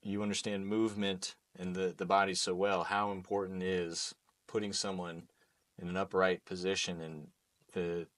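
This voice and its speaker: Deep-voiced podcast host guy, stumbles and repeats words while asking stuff. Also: flat delivery, a bit bright, no echo. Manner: halting, repeats words while forming questions. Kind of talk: podcast interview questions.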